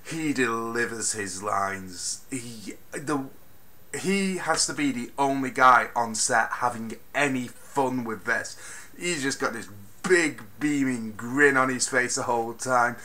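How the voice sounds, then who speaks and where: A man giving a casual spoken film review, animated and ranting, swinging from mutters to loud bursts and swearing freely. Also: medium pitch, slow. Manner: swears freely, exasperated rants.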